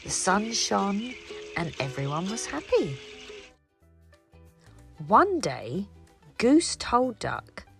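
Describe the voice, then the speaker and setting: Slow, expressive woman reading a storybook. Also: medium pitch, vocal fry, music in the background. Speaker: storybook reader. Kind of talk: children's read-aloud.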